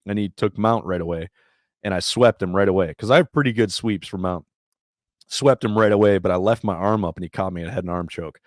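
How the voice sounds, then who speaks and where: A man's voice: low voice, brisk, dry recording, studio quality. A man guest on a podcast, a former fighter, telling stories in a casual, profane, laughing way. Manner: profane, laughing, energetic storytelling. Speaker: podcast guest, jiu-jitsu brown belt and former MMA fighter. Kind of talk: casual storytelling.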